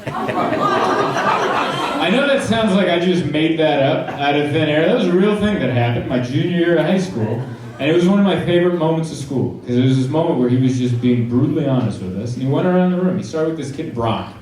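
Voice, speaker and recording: A man's voice: on the high side, big pitch swings, fairly quick. A man performing a stand-up comedy set, telling his story animatedly and acting out scenes. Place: comedy club stage. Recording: echoey stage sound from far off, audience. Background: audience laughing.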